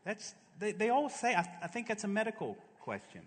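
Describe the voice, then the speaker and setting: A man preaching a sermon as a pastor, with dramatic delivery that swings from loud to hushed. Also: high-pitched, big pitch swings, brisk, husky. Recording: long reverb of a large hall.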